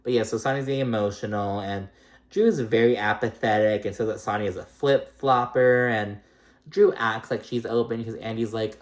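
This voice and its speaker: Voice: mid-range voice, fairly even intonation, moderate pace. A vlogger giving a casual, chatty recap of a reality show episode, swearing freely and using lots of "um" and "like". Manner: chatty, swearing, many fillers.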